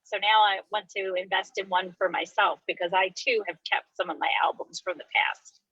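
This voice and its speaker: A woman with a husky voice, chatting on a podcast and thinking aloud with fillers. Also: medium pitch, steady tone, a little fast, sharp tone, no room sound. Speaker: podcast co-host. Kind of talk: casual chat. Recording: dull lo-fi audio.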